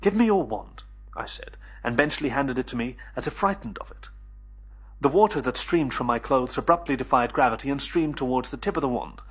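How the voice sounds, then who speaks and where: Husky male audiobook narrator. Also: medium pitch, a bit bright. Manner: measured, storytelling. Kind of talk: first-person audiobook narration.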